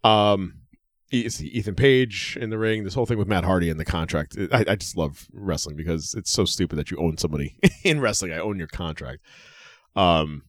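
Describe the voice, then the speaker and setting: A man's voice: low-pitched, fairly quick, no room sound, clean studio sound. A man in his forties co-hosting a podcast, chatting casually and rambling with frequent fillers and laughs. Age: 40s. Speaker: podcast co-host. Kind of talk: casual chat.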